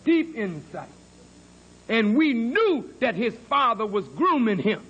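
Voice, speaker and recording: A man with a high voice delivers a sermon at an unhurried pace. He tells his story dramatically, sinking to hushed, low passages and then climbing to emphatic peaks. He speaks with earnest insistence on his honesty. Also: very animated, breathy edge, lo-fi sound. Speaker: minister.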